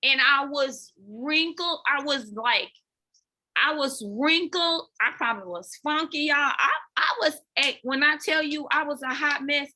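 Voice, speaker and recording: A woman with a fairly high, bright and forceful voice tells her own story on a podcast interview. She is animated and open, talking straight to the listeners with "y'all" and stumbling over repeated words when the memory hits. It sounds like candid, heartfelt storytelling. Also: measured pace. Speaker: podcast guest, dance fitness coach.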